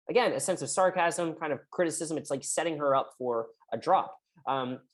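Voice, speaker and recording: A woman's voice: sits low, animated, brisk, hardly any pauses. A woman physical therapist explaining recovery in a conversational way, often checking in with "right?". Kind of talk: direct-to-camera health talk.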